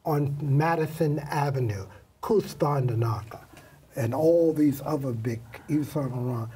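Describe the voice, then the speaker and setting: An older man, a makeup artist guest, telling animated stories in an interview and acting out the voices of the people in them. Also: medium pitch, a little slow, recorded from a distance, a little hiss or hum. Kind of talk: storytelling interview.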